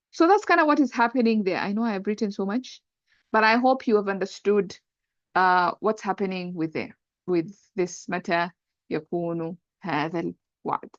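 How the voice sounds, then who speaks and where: A woman's voice: medium pitch, no echo, dull audio. A woman teaching an Arabic grammar lesson, patiently explaining step by step and often checking with "right?". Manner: patient, repeats points, checks understanding with "right?".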